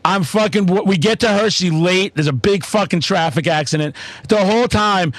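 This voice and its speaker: A high-pitched man talking in a loose, excitable way, cursing through nearly every sentence. His voice sits well above the usual male range. The sound is dry and close, with no room around it. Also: normal speed, no room sound. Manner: profane, excitable storytelling. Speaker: podcast host. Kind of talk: casual chat.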